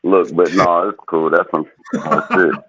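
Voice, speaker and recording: Laid-back guy, very deep and slow, muffled lo-fi line. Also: little pitch movement, fairly bright tone, slightly rough. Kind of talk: casual chat.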